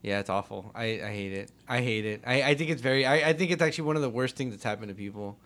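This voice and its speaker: A man's voice: mid-range voice, fast talker, a bit bright. A man in casual podcast chat, telling laid-back stories and cursing freely. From Los Angeles area.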